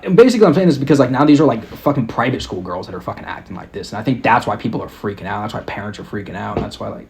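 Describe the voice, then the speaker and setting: On his own podcast, a young man rants casually at a middle pitch, swearing constantly and sounding exasperated. He stays mocking and scornful throughout, with a darkish tone.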